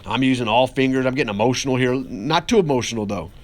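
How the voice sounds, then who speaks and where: Upbeat male art teacher, casual demo voice, encouraging, mid-pitched. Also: fast. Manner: upbeat and encouraging, talks while working with hands. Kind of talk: casual classroom demonstration.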